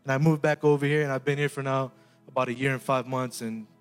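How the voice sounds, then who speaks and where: A man's voice: medium pitch, fairly even intonation, fast, smooth, soft background music. A young man telling a personal faith testimony in an earnest, emotional way, with many fillers and restarts.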